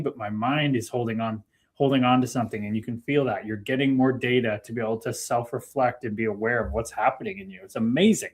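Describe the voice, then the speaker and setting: A relaxed, chatty man hosting a livestream. He talks loosely and warmly with his co-host. He reads viewer comments aloud in an easygoing way. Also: medium pitch, brisk, husky. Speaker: stream host. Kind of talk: casual livestream chat.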